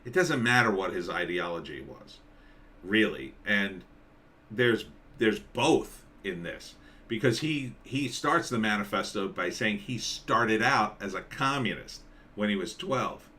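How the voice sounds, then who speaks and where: A man hosting a live stream, rambling in casual commentary and reading viewer comments aloud, with halting restarts. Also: lowish voice, animated, sharp tone.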